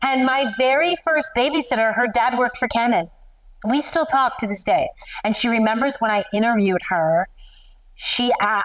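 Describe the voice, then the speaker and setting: Expressive middle-aged woman, bit off-mic. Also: a little high, normal speed, far from the mic. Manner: animated, emotional, laughs often. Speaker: guest, newborn photographer. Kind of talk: candid interview storytelling.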